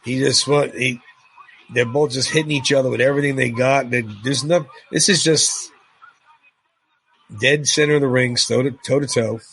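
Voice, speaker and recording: A middle-aged man co-hosting a podcast, chatting excitedly about a film and telling stories from memory. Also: mid-range voice, normal speed, slightly rough. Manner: excited, storytelling, animated recollection. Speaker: podcast co-host. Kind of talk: casual film commentary chat.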